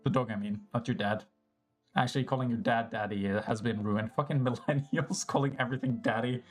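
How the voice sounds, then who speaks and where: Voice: mid-range voice, fairly even intonation, a little fast, a little mellow. A streamer commenting casually while playing a game, rambling and mocking themselves, with some swearing. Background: game music.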